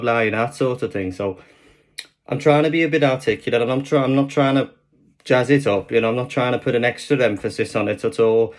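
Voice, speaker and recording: A man's voice: medium pitch, lightly acted. A man putting on a Liverpool accent to play a chatty Scouse lad who rambles with many fillers. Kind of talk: accent demonstration, improvised chat.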